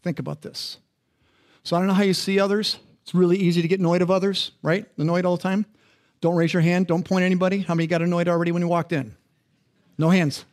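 A man's voice: sits high, flat delivery, fast talker, darkish tone. A male pastor preaching a sermon in a conversational, interactive way, often asking the congregation questions.

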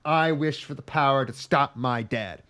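A man's voice: medium pitch, moderate pace, sharp tone, close to an everyday voice. A man voicing an anxious teenage girl who speaks in breathless, earnest exclamations while recapping a cartoon.

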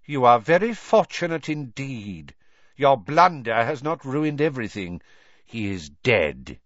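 A man voicing a cold, menacing male dark lord with a high, measured voice, in a storybook reading. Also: very animated, no echo. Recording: dull dry lo-fi recording.

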